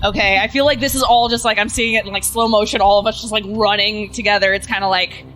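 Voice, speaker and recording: An excitable player in a casual tabletop game, talking fast with swearing and restarts. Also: medium pitch, faint music behind, poor audio.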